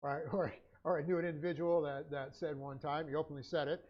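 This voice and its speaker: A man teaching a Bible study class and dictating his notes, talking haltingly with many fillers and self-corrections. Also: on the high side, flat delivery, lo-fi sound.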